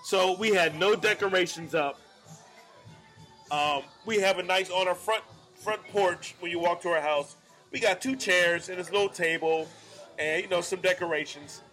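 A man hosting a casual bar podcast, telling a profane, animated story. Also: sits high, moderate pace, soft background music. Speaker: podcast host.

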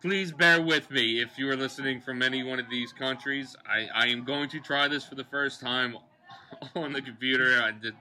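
A man's voice: medium pitch, moderate pace, pushed and bright. A man from Delaware co-hosting a podcast from a bar, rambling and joking in casual chat, swearing freely. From Delaware, USA. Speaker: podcast co-host.

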